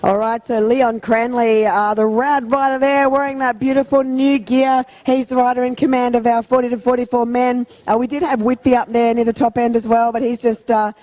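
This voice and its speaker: A woman with a fairly high, even voice commentates bike races at an outdoor track. She talks in a chatty way and corrects herself as she goes. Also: normal speed, few pauses. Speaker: race announcer. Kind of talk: live race commentary.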